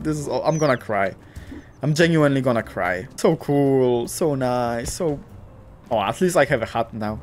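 A young man casually commentating a cute game, gushing, swearing lightly and talking to the characters, often jumping up into excited squeals. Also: medium pitch, normal speed, a little hiss or hum. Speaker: gaming YouTuber.

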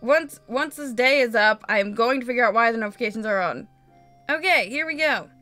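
Excitable woman let's-play host, high, bright and very lively, chatty commentary over faint game music. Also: fairly quick. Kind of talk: casual gameplay commentary. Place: home, in daytime.

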